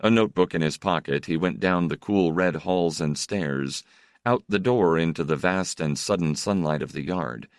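A man narrating a story in a measured, expressive way. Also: sits low, no room sound, studio quality. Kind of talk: scripted narration.

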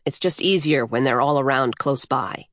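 A woman's voice: a bass voice, moderate pace, dry recording, studio quality, voice pushed down. A woman reading an audiobook voices a crude, fearless old female coyote spirit, talking in a blunt, earthy drawl. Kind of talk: audiobook character voice.

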